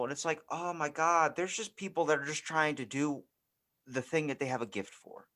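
A man hosting a podcast in casual chat. He is animated and profane and often jumps into acted quotes. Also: on the high side, quick pace. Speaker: podcast host.

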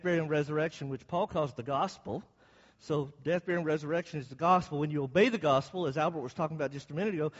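A man's voice: fairly high pitch, a bit bright, in a large hall, dull audio. A man preaching a Bible class, explaining the text and asking his listeners questions as he goes. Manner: asks the audience questions as he explains.

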